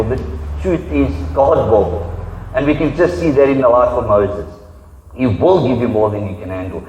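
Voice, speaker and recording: A man's voice: medium pitch, brisk, a little mellow. A man, a pastor preaching a conversational sermon and acting out quoted voices. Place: church hall. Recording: echoey hall, dull sound.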